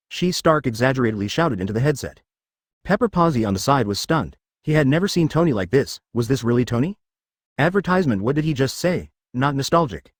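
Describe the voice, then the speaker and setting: Man, story narrator, lively pitch, dry close sound. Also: quick pace, no room sound. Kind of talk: scripted audiobook narration.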